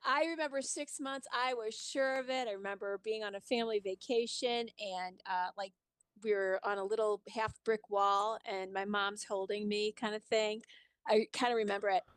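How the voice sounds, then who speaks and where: A woman's voice: medium pitch, steady tone, moderate pace, smooth, no echo. A woman co-hosting a casual radio studio chat, with a teasing, playful manner. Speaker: radio co-host.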